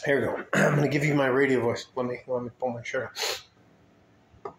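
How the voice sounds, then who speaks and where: A man's voice: mid-range voice, fairly even intonation, a little fast. A man from West Texas in a casual, joking, rambling talk to camera, drifting off topic as he goes. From West Texas, USA. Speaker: vlogger. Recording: roomy echo with faint noise.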